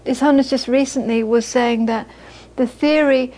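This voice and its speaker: British woman in middle age teaching buddhism, high voice, chatty and laughing a lot. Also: fairly even intonation, moderate pace. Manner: warm, laughing, storytelling asides. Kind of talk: dharma talk to an audience.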